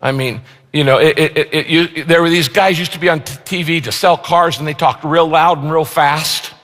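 A man preaches from the pulpit with a somewhat high-pitched voice, stretching out important phrases for emphasis. His words ring out with the long reverb of a big church sanctuary. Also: steady tone, a bit bright. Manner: emphatic, slows down to stress key phrases. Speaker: pastor. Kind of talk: sermon.

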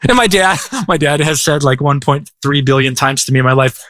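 A middle-aged man preaching a sermon as a pastor, talking in a lively, conversational way with humor. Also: a little high, quick pace, few pauses, dry recording.

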